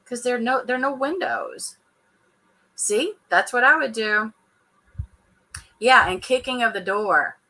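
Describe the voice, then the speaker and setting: Bright-voiced chatty woman. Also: on the high side, sing-song, measured pace, pauses often, low-quality recording. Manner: chatty, laughs often, talks straight to viewers. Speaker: reality TV reaction vlogger. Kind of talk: casual chat to viewers.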